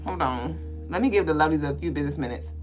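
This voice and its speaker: A woman's voice: sits low, rapid-fire, music in the background. A woman, co-hosting a spiritual live stream in casual, profane, joking talk. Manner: profane, joking, animated storytelling. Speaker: podcast co-host.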